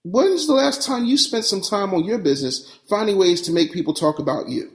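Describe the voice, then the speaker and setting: A brash male podcast host who talks business straight and in your face, with streetwise slang. His voice sits a little high for a man. He moves between casual chat and punchy ad reads. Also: animated, brisk.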